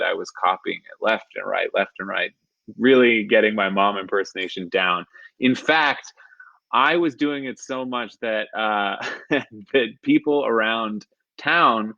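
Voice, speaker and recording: Chuckling often and rambling with fillers, a Bay Area comedian in his thirties from San Francisco, California, shares a personal story during a live stream. He has a fairly low, sharp voice with vocal fry, and there's no room sound in the dull, lo-fi stream audio.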